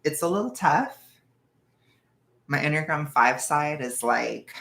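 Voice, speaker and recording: Nervous, rambling young man with a gravelly voice. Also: mid-range voice, moderate pace. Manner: rambling, self-conscious, with hushed asides. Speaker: vlogger. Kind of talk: casual confessional chat. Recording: echoey room.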